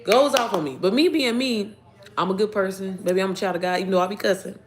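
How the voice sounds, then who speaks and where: Fast-talking animated woman telling a story. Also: mid-range voice. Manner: animated, profane, addresses viewers as y'all and baby. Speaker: online business coach. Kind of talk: casual storytime vlog.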